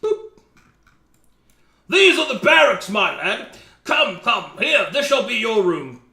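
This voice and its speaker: Dude doing a loud cheery warrior trainer, high bright voice, big swoopy pitch, echoey. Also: male voice, big pitch swings, slow pace, full character voice. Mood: hearty. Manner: loud, hearty and theatrical. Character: boisterous jolly male warrior trainer.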